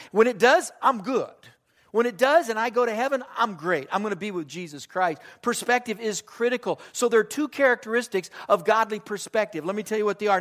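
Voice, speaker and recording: An older man, a grandfather, preaching a sermon and telling a family story with animated swings from quiet to loud. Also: high-pitched. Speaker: pastor.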